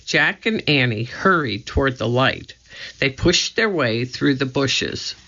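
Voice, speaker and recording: A man reading a children's storybook aloud, narrating slowly and deliberately. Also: medium pitch, expressive, creaky, pushed and bright. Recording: dull lo-fi recording.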